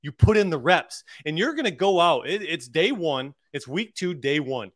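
A man co-hosting a podcast, talking in an energetic, preachy way and repeating phrases for emphasis. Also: a little high, normal speed, dry recording, studio quality. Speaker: podcast co-host. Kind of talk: motivational podcast talk.

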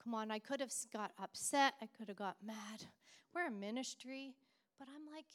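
A woman's voice: fairly high pitch, normal speed. A middle-aged woman pastor preaching a sermon with fervent, repeated declarations.

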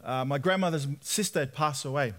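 This is a sermon testimony from a young man from Australia, whose voice is fairly high and a little fast. Animated in his storytelling, he recounts his own experience and performs the quoted voices himself.

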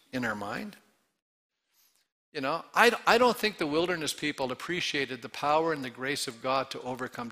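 A pastor preaching a conversational sermon, asking rhetorical questions and jumping to excited high bursts. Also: male voice. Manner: rising to excited high bursts when acting out joy.

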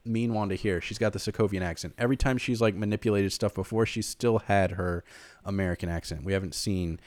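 A man's voice: lowish voice, fairly even intonation, quick pace, a little mellow, dry recording. A man co-hosting a casual podcast chat, rambling with many fillers and restarts. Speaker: podcast co-host.

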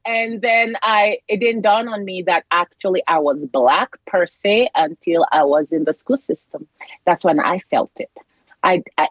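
A middle-aged woman from Kenya, a podcast guest, telling her story in an animated way with frequent laughter. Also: lowish voice, no room sound, lo-fi sound. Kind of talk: casual interview conversation.

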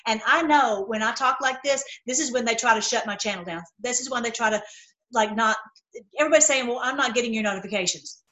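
A woman's voice: fairly high pitch, fairly quick, bright, forceful tone, rough recording. A middle-aged woman talking heatedly in a casual opinion monologue, with frequent restarts. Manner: impassioned, heated, repetitive restarts. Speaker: video commentator.

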